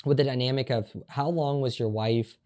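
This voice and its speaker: A man's voice: medium pitch, steady tone, moderate pace, darkish tone. A man hosting a podcast, reflecting on his guest's points in easy conversation. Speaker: podcast host. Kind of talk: conversational interview.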